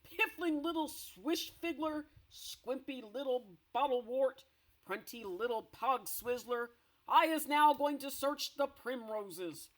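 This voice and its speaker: A woman voicing a huge, bullying male giant who booms and shouts insults in a storybook read-aloud. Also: lively intonation, takes it slowly. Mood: booming, menacing.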